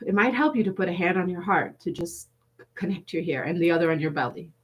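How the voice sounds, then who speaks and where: Woman guiding a gentle meditation. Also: on the low side, expressive. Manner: gentle and unhurried, with playful, sassy asides. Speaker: workshop facilitator. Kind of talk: guided meditation.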